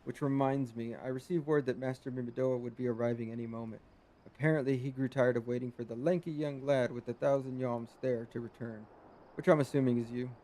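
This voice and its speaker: A man's voice: medium pitch, fairly even intonation, a little fast, mellow, close to an everyday voice. A man reading the lines of a polite, worried male lighthouse guard in a video game, formal and explanatory.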